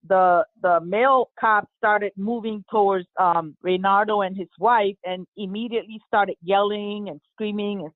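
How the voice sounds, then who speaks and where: A woman's voice: mid-range voice, no echo. Woman recounting events over a tinny line. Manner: halting, many fillers and restarts. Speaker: eyewitness. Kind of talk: recounting an incident in an interview. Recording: tinny phone-line audio, dry.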